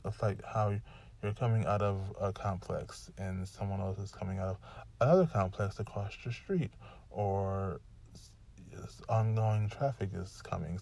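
Low-pitched and creaky with a darkish tone, a man rants on his own freestyle podcast. He sounds exasperated, rambling in run-on sentences that alternately hurry along and stretch out.

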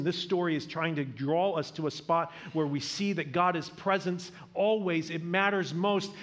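A male pastor preaching a sermon in an earnest way, repeating words as he builds a point and dropping to a hushed voice on tender lines. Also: fairly high pitch.

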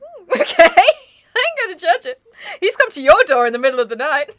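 A woman's voice: extremely high pitch, very animated, a little fast, fairly bright tone, slight background noise. A woman co-hosting a casual chat, reading a poem aloud with mock-dramatic asides, swearing and laughing often. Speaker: podcast co-host.

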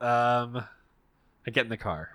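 A man's voice: mid-range voice, unhurried, pushed and bright, a little hiss or hum. A man playing along in an improvised horror game, joking, rambling, and letting out mock-panicked yelps. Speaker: player. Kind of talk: casual improvised game play.

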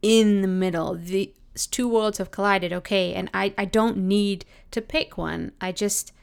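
A woman with a Canadian accent speaks in a reflective personal monologue. Her voice has a gravelly, fry-tinged edge, yet stays smooth and resonant. She is conversational and thoughtful, often dropping in "like". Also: medium pitch, fairly even intonation, a little slow. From Britain, raised in Canada. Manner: conversational, thoughtful, frequent 'like' fillers.

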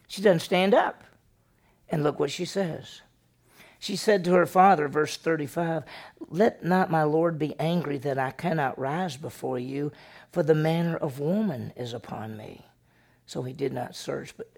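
A male pastor preaches in a slightly high, gravelly voice. He tells the story with animated delivery and acts out the characters' lines as he goes. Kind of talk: sermon.

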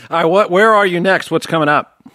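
High-voiced lively male host, dry sound. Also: dry recording. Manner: easygoing, laughs along, asks follow-up questions. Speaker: show host. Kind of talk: casual interview chat.

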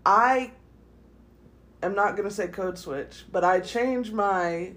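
A woman with a Southern US accent, co-hosting a podcast in relaxed, reflective casual chat. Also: medium pitch, slow. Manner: relaxed, laughs often, reflective. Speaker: podcast co-host.

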